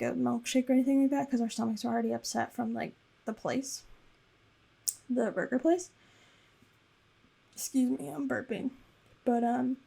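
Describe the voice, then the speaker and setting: A young woman narrates her vlog in a loose, chatty way, with lots of filler as she wanders from point to point. Her voice sits a little high, with a warm, mellow tone and a gravelly vocal fry running through it. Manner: rambling and chatty, with frequent fillers. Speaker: planner vlogger. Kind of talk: casual voice-over recap.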